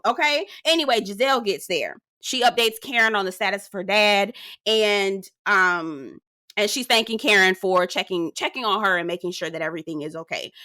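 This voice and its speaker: A woman's voice: mid-range voice, sharp tone, no echo, clean studio sound. A woman giving a sassy, profane rant while recapping a reality TV episode, talking emphatically and mimicking the cast members. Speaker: reality TV reviewer.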